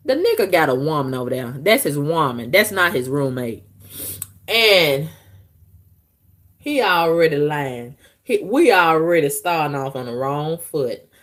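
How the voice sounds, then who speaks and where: A woman vlogging, telling her viewers a story in a blunt, profane, animated way. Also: deep voice.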